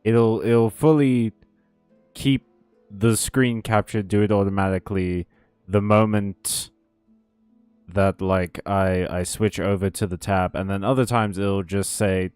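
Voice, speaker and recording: Brief: ranty, rambling male game streamer, low smooth voice, dry close mic. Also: fairly even intonation, unhurried, a little mellow, dry recording, faint music behind. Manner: rambling, ranty, laughs often. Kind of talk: casual game stream chat.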